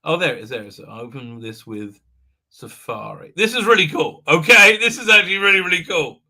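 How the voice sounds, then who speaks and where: Middle-aged male livestream host, rambling storyteller, bright ringing tone. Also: on the high side, brisk. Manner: animated storytelling, many fillers and repeats. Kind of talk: rambling live-stream chat.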